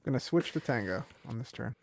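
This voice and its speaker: A man's voice: mid-range voice, lively intonation, brisk, vocal fry. A man playing a card game with a friend, answering briefly and groaning in mock dismay at bad draws. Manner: easygoing, short replies, mock dismay. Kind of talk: casual game chat over a call.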